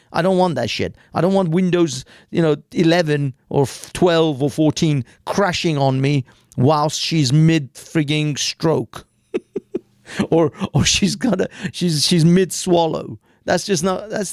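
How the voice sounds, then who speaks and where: A man's voice: a little high, darkish tone, no echo, studio quality. A British man hosting a live stream, giving crude, rambling commentary full of swearing and stumbles over words. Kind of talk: crude casual commentary while reading an article aloud.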